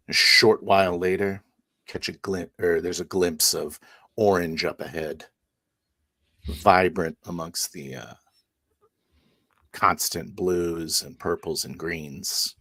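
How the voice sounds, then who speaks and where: A man narrating a tabletop game as game master, halting often with fillers and restarts. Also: sits low, fairly even intonation, sharp tone, no echo, studio quality.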